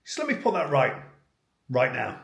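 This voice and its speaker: A man's voice: mid-range voice, wildly swooping pitch, moderate pace, creaky, a bit bright, husky, no echo. Bloke in his 50s rambling on to the camera, casual and self-deprecating. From United Kingdom. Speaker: vlogger.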